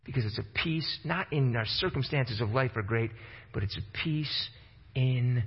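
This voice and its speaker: A man's voice: medium pitch, moderate pace, a little hiss or hum. A man preaching a sermon in a conversational way, acting out quotes in a casual voice. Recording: dull lo-fi sound with long hall reverb.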